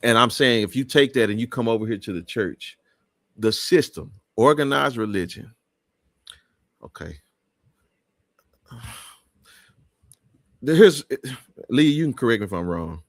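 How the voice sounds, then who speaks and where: A man's voice: mid-range voice, animated, a little slow, long pauses, no echo. A man hosting a live talk show, speaking in an emphatic, preachy way with many restarts.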